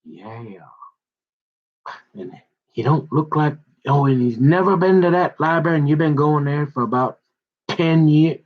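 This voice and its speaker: A long personal story unfolds in a rambling, casual monologue from a man whose voice sits on the high side, recorded in lo-fi sound. He keeps checking in with his listener via "right?" and "mm-hmm," drawing it out with plenty of restarts and meandering.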